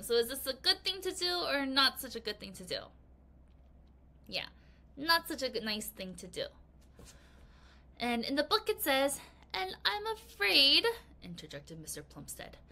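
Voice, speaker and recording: A woman teaching an English vocabulary lesson to children, reading aloud with bouncy, expressive emphasis. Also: high-pitched.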